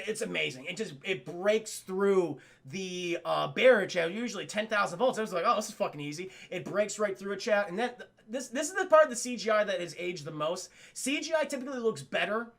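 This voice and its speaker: Brief: an excitable, foul-mouthed male reviewer talking to his live chat, with a bright, sharp voice. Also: sits high. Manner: excitable, profane, retells scenes with acted quotes. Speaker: film review streamer.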